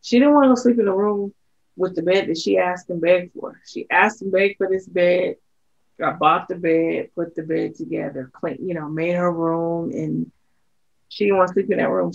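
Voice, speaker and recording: Woman, podcast co-host, gravelly voice, casual reflective talk, dull lo-fi sound. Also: lowish voice, steady tone, normal speed. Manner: reflective, trails off with ums. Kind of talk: casual chat. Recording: slightly dull lo-fi.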